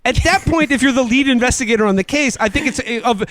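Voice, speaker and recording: A man co-hosting a podcast, retelling a film plot in a rambling, animated comic chat with laughs. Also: very high-pitched, quick pace, no echo. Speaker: podcast co-host. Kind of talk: casual comedic film review chat.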